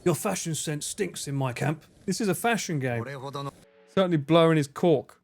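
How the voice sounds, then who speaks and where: A man's voice: on the high side, normal speed, gravelly. A man chatting casually to his live-stream audience while gaming, joking around and swearing freely. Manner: jokey, animated, swears freely.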